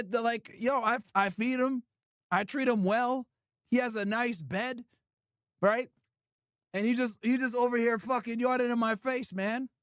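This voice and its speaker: A man's voice: very high-pitched, fairly bright tone, no echo, studio quality. A man hosting a livestream in a casual, slangy style, teasing and playfully scolding in repeated bursts. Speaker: livestream host.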